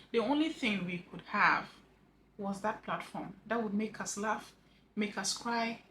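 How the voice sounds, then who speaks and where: Halting, earnest grieving woman. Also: mid-range voice, slight background noise, rough recording. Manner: halting, repeats words, earnest; voice drops soft at phrase ends. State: grieving widow, emotional. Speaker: vlogger sharing a personal story. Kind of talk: heartfelt personal vlog monologue.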